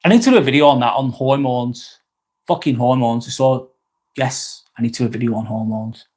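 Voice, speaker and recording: This man speaks in a mid-range, slightly mellow voice at a brisk pace. He hosts a live vlog, talking casually and frankly, swearing often and rambling through restarts while reading out and answering chat comments.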